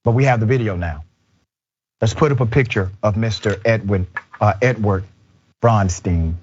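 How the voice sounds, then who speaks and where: Indignant male news host with a husky, lower voice. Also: moderate pace, darkish tone, highs cut off. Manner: earnest, indignant. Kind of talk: opinion news commentary.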